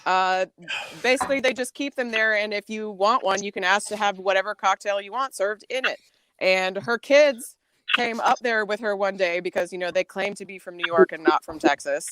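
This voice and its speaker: A woman's voice: medium pitch, normal speed, noisy background. A woman guest on a casual podcast chat, brash and teasing, swearing freely.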